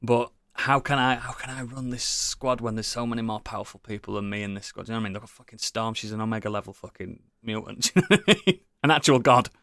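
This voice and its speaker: A man chatting casually as a podcast co-host, rambling and enthusiastic, swearing often and filling pauses with ums and likes. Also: mid-range voice, pushed and bright, no echo, clean studio sound. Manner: rambling, enthusiastic, swears a lot, many fillers. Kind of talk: casual chat.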